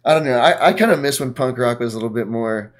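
A man of middle pitch rambles through casual podcast talk. He swears constantly and leans on fillers. His voice often trails off into quiet mumbles. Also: quick pace. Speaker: podcast co-host, punk singer. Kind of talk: casual chat.

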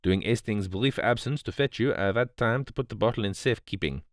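A man voicing a calm, precise male detective who explains in a placid, grave, measured way. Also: lowish voice, dry recording, studio quality, natural voice.

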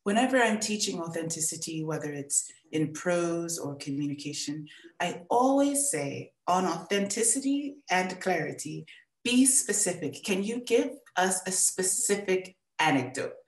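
A woman teacher gives a student gentle feedback on her storytelling, encouraging and full of restarts. Her voice sits fairly low. The room around her echoes. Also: expressive, unhurried. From born in England, raised in the United States. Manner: warm, encouraging, repeats words. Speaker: writing workshop teacher.

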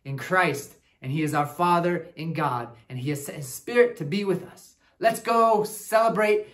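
A man's voice: fairly high pitch, normal speed, natural voice. A man playing a goofy, upbeat traveling cousin who teaches a children's Bible lesson in character. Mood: cheerful. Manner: animated, talks straight to kids with frequent "right?".

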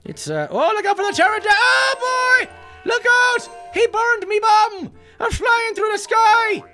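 A man voicing a cheeky, excitable Irish leprechaun who plays a mobile game and shouts at the action, in an Irish accent. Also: extremely high pitch, unhurried, exaggerated voice. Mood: excited. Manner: excitable, exclamatory, jokey stage-Irish. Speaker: gaming channel character. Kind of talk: playing a mobile game with commentary. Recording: faint background music.

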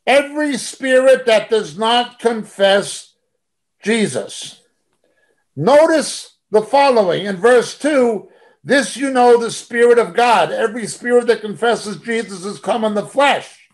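A man's voice: very high-pitched, lively intonation, a little slow. A middle-aged man teaching a Bible study over a video call. He reads scripture verses aloud and follows them with emphatic comments.

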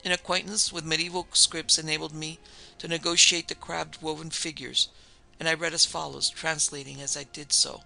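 A man narrating a ghost story in a measured, even storytelling delivery. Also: fairly high pitch, vocal fry, faint music behind, rough recording. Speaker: narrator and producer.

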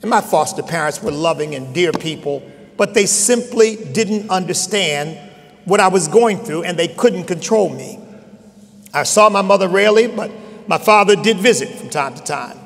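A man's voice: high-pitched, animated, normal speed, fairly bright tone. An older man giving a personal testimony as a bishop, telling his story in a sermon that builds to emphatic peaks. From Chester, Pennsylvania. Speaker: bishop preaching. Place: large conference hall. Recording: long hall reverb.

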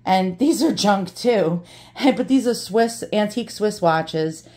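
A woman's voice: mid-range voice, expressive, slow pace, warm tone. A brash, profane woman chatting casually to viewers as she unboxes antiques, joking and swearing as she goes.

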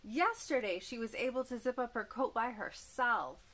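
A woman teacher giving a gentle, clearly spoken lesson to young children, addressing them as friends. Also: fairly high pitch, lively intonation, normal speed. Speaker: preschool teacher.

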